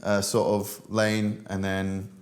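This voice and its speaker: Young english guy, lowish voice, chill and a bit halting. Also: monotone. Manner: easygoing, agreeable, slightly hesitant. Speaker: musician guest. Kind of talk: casual chat.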